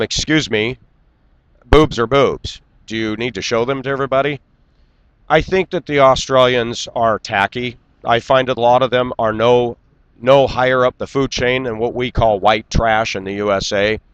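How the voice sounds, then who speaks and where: A man's voice: mid-range voice, moderate pace, a bit bright, smooth, no room sound, low-quality recording. An American man ranting bluntly and scornfully in a vlog monologue, speaking outdoors on a city street. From United States. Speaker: vlogger.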